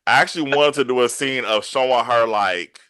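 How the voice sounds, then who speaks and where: A man hosting a casual interview podcast, animated and laughing easily, often repeating his phrases. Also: medium pitch, a little fast, smooth, no room sound. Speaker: podcast host and writer.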